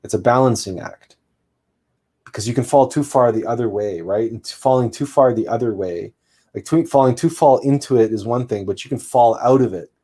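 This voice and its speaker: A man's voice: medium pitch, brisk, mellow, husky. Earnest man giving a spiritual talk. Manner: earnest, emphatic, repeats and restarts phrases. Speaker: host.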